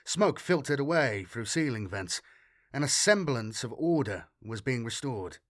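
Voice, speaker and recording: A man reading a sci-fi audiobook in a steady, dramatic storytelling manner. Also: mid-range voice, a little slow, dry recording, studio quality. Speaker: audiobook narrator. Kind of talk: scripted narration.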